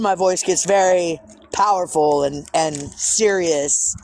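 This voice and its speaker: A woman's voice: fairly low pitch, slow pace, a little mellow, no echo. A woman chatting on a casual livestream outdoors by a creek, talking into a handheld phone in a playful, childlike way. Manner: playful, giggly, childlike banter. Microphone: phone held in hand.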